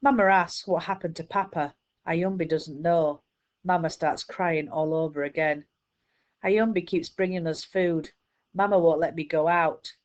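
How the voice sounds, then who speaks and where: A woman teacher reading a children's book aloud in a steady storytelling manner. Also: on the low side, measured pace, dull audio.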